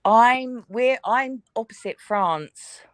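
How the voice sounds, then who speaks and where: A woman's voice: a little high, slow, no room sound. A woman from England, chatting casually as a guest and joking about herself with frequent giggles. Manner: chatty, self-deprecating, giggly. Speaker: panel guest. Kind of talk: casual chat on a live stream.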